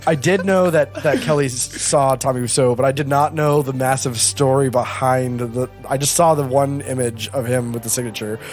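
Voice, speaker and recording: A man's voice: mid-range voice, fairly even intonation, normal speed, hardly any pauses, darkish tone, faint music behind. A man co-hosting a podcast, chatting and thinking aloud. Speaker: podcast co-host. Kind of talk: casual chat.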